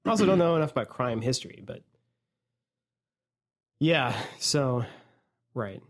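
A man chatting on a podcast, rambling through his thoughts and laughing often. He keeps it loose and jokey, his voice sitting at an ordinary middle pitch. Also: expressive, unhurried. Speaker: podcast co-host. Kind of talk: casual comedic chat.

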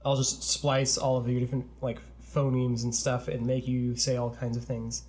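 A man hosting a podcast in casual chat, laughing often and talking in an easygoing, drawn-out way. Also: mid-range voice, completely flat delivery, a little mellow. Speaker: podcast host.

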